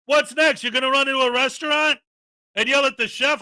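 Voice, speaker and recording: Man, very high voice, sharp and bright, sarcastic rant, dry close sound. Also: steady tone, brisk, dry recording. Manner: sarcastic, often shouting in exasperation. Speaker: commentary channel host. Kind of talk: ranting commentary.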